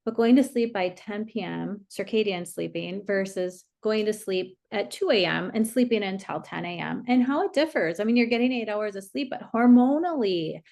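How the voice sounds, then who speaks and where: A woman's voice: mid-range voice, lively intonation, moderate pace, creaky, hardly any pauses, darkish tone. A woman hosting a podcast, a dietitian talking in a chatty, casual way with many fillers and easy laughs.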